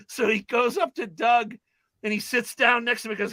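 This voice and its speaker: A man's voice: very high voice, normal speed, bright, forceful tone, no echo. A man retelling film scenes in casual chat, acting out the characters' lines as he goes. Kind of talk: animated storytelling in casual chat.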